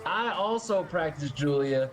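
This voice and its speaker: A man's voice: a little high, lively intonation, measured pace, a crowd in the background. A man co-hosting a casual recap chat, laid-back and teasing, laughing often. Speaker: podcast co-host.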